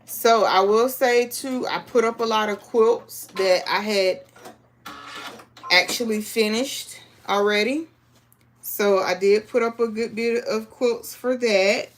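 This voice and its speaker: A woman's voice: on the high side, slow pace. A woman hosting a live sewing stream, chatting casually with viewers and reading the chat aloud. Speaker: crafting livestream host.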